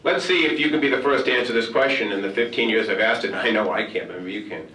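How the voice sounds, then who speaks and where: A man's voice: on the low side, fast talker, sharp tone. A man giving a motivational keynote, telling a humorous story and acting out the dialogue. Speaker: keynote speaker. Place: large conference hall. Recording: roomy hall, far from mic.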